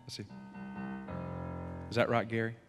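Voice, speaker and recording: A man preaching a sermon as pastor, animated and self-deprecating, swinging from soft to loud. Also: medium pitch, moderate pace, music in the background. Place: large church sanctuary. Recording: long hall reverb.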